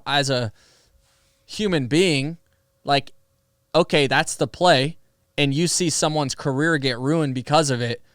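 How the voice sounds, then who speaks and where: A young man and podcast guest telling stories in a casual, animated way, laughing often and using many fillers. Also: medium pitch, smooth, no echo, studio quality. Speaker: podcast guest, pro athlete. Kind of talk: casual storytelling conversation.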